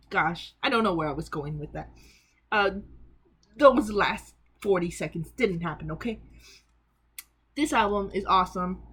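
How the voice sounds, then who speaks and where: Young adult woman vlogger, mid-pitched, chatty and self-mocking, laughs a lot. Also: a bit bright, slightly rough. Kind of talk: casual chat showing off a collection.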